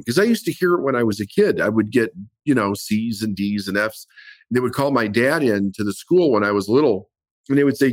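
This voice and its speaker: A man's voice: mid-range voice, fairly quick, no room sound. A middle-aged man telling his own life story in an interview, candid and reflective. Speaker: business coach guest.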